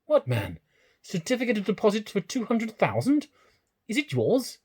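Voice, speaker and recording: Guy putting on a squeaky excited old rich gent, voice jumps way up, kinda husky. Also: fairly quick, full character voice. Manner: exclaiming, high and eager. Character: elderly gentleman, wealthy, excitable and generous.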